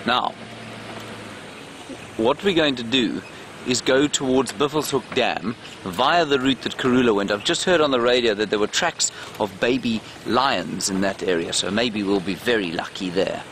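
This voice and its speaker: A man's voice: mid-range voice, lively intonation, moderate pace, fairly bright tone. Guy guiding a live game drive, chatting away to viewers, clip mic, faint engine hum outside. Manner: chatty, answers viewer questions aloud. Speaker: safari guide and live show host. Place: open safari vehicle outdoors. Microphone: clip-on mic, sometimes slipping.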